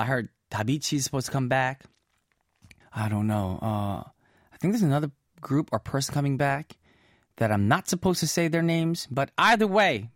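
A man's voice: on the high side, a bit bright, no echo, studio quality. A man hosting a radio show in casual, playful chat, dropping easy asides as he reads listener messages. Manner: chatty and playful, with many "mm-hmm" and "y'all" asides. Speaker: radio host.

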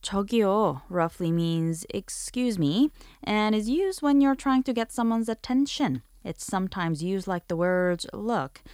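A woman hosting a scripted language lesson, explaining phrases clearly and repeating examples slowly so that listeners can follow. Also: medium pitch, lively intonation, darkish tone, dry recording. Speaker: language teacher host.

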